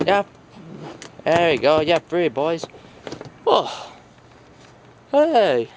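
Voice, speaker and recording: A man telling a toy story in a playful way, jumping between silly high and low character voices. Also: huge pitch swings, very slow, noisy background. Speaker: toy video maker voicing all characters.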